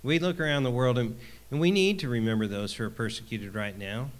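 A man's voice: mid-range voice, a little fast. A man preaching a conversational sermon, full of fillers and restarts, who calls out for an "Amen?" from his listeners. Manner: asks the congregation for an "Amen?".

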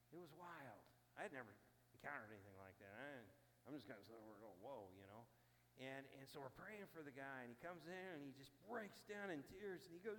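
A man preaching a sermon as a story, animated and acting out the people he quotes. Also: medium pitch, brisk. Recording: long hall reverb with faint hum.

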